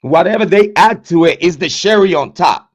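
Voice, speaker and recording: A man's voice: sits high, lively intonation, normal speed. A man hosting a true crime livestream, ranting in a profane, confrontational way with many repeated words and restarts. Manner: repetitive, stammering restarts. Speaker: true crime channel host. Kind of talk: livestream rant. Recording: dull lo-fi sound.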